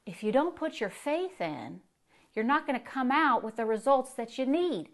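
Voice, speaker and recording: Woman pastor preaching, hushed to emphatic. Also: on the high side, sing-song, a little slow. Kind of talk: sermon.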